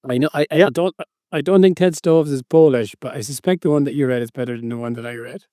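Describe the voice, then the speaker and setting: A man co-hosting a podcast in a mellow, mid-pitched voice, owning up to his blunders with sheepish, self-mocking humour. The sound is dry and close. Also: quick pace, dry recording. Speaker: podcast co-host. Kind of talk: casual podcast banter.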